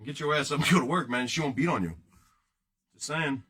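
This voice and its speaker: Guy hosting a card break stream, goofy rambling chatter, kinda high and bright voice. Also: brisk. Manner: joking, rambling, talks to chat. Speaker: host of a card-breaking livestream. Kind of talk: casual livestream chat.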